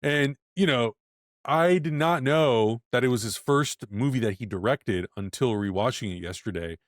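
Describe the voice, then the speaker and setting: A man's voice: medium pitch, normal speed, dry recording, clean studio sound. A man co-hosting a casual film podcast, talking with enthusiastic, emphatic energy. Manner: enthusiastic, animated, emphatic reactions. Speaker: podcast co-host.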